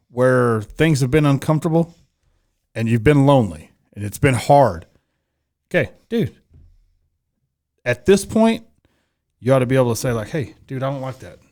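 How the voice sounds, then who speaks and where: A man co-hosting a casual faith podcast, talking frankly and acting out little quoted exchanges with laughter. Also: medium pitch. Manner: animated, acts out quotes with laughter. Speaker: podcast co-host.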